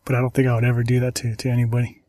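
A man hosting a casual chat, talking haltingly with many ums and restarts while telling stories and going through apps. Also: medium pitch, completely flat delivery, dark tone, dry recording.

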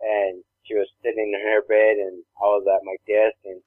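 Heard through a dry, narrow, phone-like recording with no room sound, this co-host speaks at a moderate pace in a fairly low, flat voice. He spins meandering stories in a casual podcast chat, imitating the voices of people involved.

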